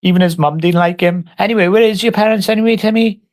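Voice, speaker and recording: A man's voice: high voice, quick pace. A man on a casual livestream, taunting and mock-threatening someone in crude, heavily sworn banter.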